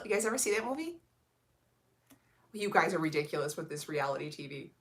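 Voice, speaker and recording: A woman's voice: low voice, sing-song, brisk, slight background noise. A young woman chatting casually with her live-stream viewers, sassy and blunt, full of slang and swearing. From Illinois, USA. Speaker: vlogger reading live chat.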